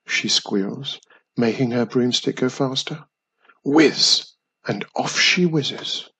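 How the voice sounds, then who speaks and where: A man narrating a children's storybook in a slow, husky, gravelly voice. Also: medium pitch, sharp tone.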